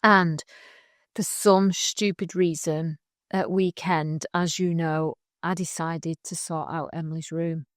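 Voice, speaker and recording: A middle-aged woman, co-hosting a casual chat, animated and quick to laugh. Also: sits low, no room sound, studio quality. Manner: chatty, laughs often, animated storytelling. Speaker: podcast co-host.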